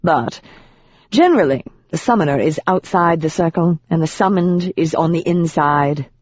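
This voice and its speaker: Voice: mid-range voice, moderate pace, no echo, natural voice. A narrator putting on a sly British demon. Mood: amused, teasing. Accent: British (put on). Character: suave shape-shifting demon with a proper British accent. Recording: dull, dry audiobook recording.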